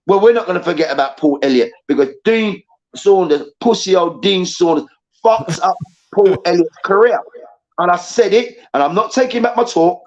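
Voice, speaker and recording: A man hosting a football debate show, ranting angrily and profanely and hammering his points with repetition. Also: high voice. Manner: angry, profane, emphatic repetition. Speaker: host. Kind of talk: heated football debate rant. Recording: dull lo-fi sound.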